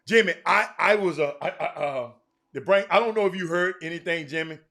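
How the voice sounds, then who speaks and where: A man hosting a casual livestream sports talk show, animated and laughing, often repeating names and restarting his sentences. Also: on the high side, fairly quick, gravelly. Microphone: streaming mic.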